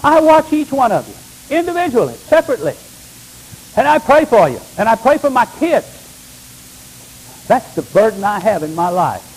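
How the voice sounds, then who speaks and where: Older preacher with lively emphatic delivery. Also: male voice, very high voice, moderate pace, long pauses, husky, rough recording. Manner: emphatic preaching with wide swings between hushed and loud. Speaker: pastor. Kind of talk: sermon.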